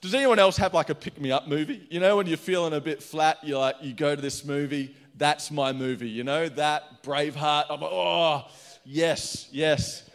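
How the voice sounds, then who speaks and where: A middle-aged man from Australia preaching a sermon, energetic and chatty, telling stories with laughs. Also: fairly high pitch, a little fast, hardly any pauses. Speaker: pastor.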